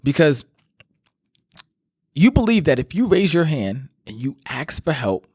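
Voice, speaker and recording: A man's voice: on the high side, very animated, measured pace, darkish tone, slightly rough, no room sound, clean studio sound. A man hosting his own coaching podcast, talking earnestly and directly to listeners, calling them brother, with frequent fillers. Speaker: life coach, podcast host. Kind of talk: direct motivational talk to listeners.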